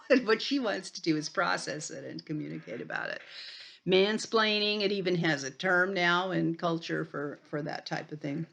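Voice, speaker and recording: A woman's voice: on the low side, moderate pace, creaky, fairly bright tone. Older woman giving a rambling lecture. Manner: conversational, rambling with fillers and restarts. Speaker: sociology lecturer. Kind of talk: recorded college lecture.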